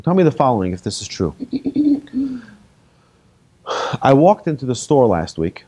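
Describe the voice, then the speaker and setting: A rabbi giving a lively talk to an audience, telling made-up stories and asking the listeners questions. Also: male voice, medium pitch, unhurried. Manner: animated, asks the audience questions, tells hypothetical stories. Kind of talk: lively lecture to a live audience.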